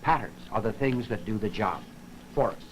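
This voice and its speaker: A man's voice: fairly low pitch, animated, normal speed, a little hiss or hum, rough recording. A man giving a televised lecture on language, demonstrating intonation with his own rising and falling voice.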